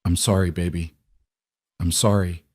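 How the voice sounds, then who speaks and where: Emotional single dad, voiced by the male narrator, earnest and pleading, low dry voice. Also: level tone, a little slow, darkish tone, no room sound. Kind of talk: scripted story narration.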